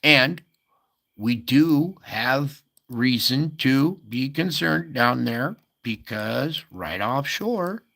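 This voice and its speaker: A man's voice: medium pitch, lively intonation, slow pace, creaky, few pauses, fairly bright tone. A man hosting a casual earthquake update, thinking aloud over maps with many fillers and asides. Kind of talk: casual screen-share commentary.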